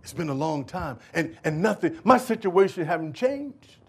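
A man preaching a sermon as pastor, building to loud, pleading calls and then dropping to quiet asides to the congregation. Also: on the high side, expressive, normal speed, slightly rough. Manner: preaching with rising shouted appeals and sudden drops to quiet asides.

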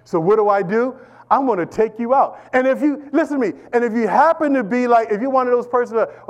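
A middle-aged man preaching a sermon as pastor, animated and repetitive, calling out to the congregation. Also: extremely high pitch, brisk, dull audio. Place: church.

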